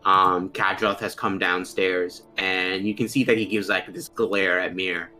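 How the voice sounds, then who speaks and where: Low-ish guy running a tabletop game, lots of ums, laid back narration, bit of music behind. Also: flat delivery, bright, forceful tone. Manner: halting narration with many fillers. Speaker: game master.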